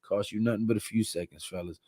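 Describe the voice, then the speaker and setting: Mellow-voiced tired male stream host. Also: lowish voice, fast, no echo, studio quality. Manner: laid-back, reads chat comments aloud. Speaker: livestream host. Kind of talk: casual live-stream chat.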